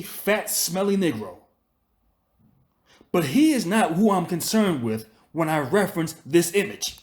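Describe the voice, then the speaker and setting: On his commentary channel, a man delivers a profane, scolding rant in a high-pitched yet darkish voice. The monologue loops back on itself and keeps hammering the same points.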